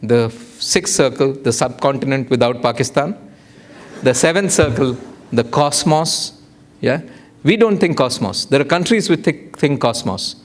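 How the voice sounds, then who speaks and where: A man giving a public lecture, telling anecdotes and acting out the people in them with big jumps in pitch. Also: measured pace. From India. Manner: animated storyteller, acts out dialogue with big pitch jumps. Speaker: guest lecturer. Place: lecture hall.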